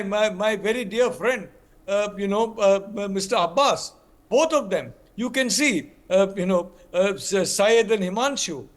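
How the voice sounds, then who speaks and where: High-voiced older Indian man, emphatic. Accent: Indian English. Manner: emphatic, repeats words and restarts. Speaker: panelist. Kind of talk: TV news debate.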